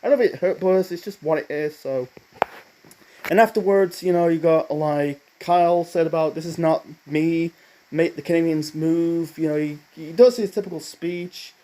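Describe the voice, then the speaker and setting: A man's voice: on the high side, moderate pace, dark tone, slight background noise, rough recording. A man reviewing a cartoon episode in a loose, rambling way, often stumbling over his words and restarting. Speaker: video reviewer.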